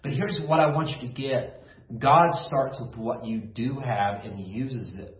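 A man's voice: medium pitch, measured pace, reverberant, lo-fi sound. A man preaching a short devotional sermon to listeners at home, asking them to repeat phrases back to him. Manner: call-and-response, asks listeners to repeat phrases. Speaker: pastor.

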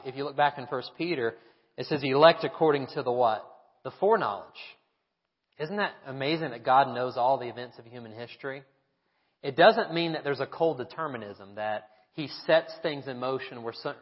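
A pastor delivering a sermon, telling stories and asking the congregation rhetorical questions. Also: male voice, medium pitch. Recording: echoey hall, dull lo-fi sound.

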